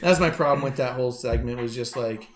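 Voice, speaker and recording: A man co-hosts a casual wrestling talk show, his mid-range voice lively and full of swearing as he acts out what others said. The recording carries a roomy echo. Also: mid-range voice, fairly quick. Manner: animated, profane, acts out quotes. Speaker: podcast co-host. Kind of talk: casual chat.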